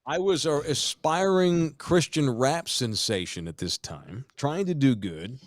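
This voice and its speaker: A man telling a wild story on a casual podcast, animated and swearing freely. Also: mid-range voice, measured pace, no room sound, clean studio sound. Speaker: podcast host.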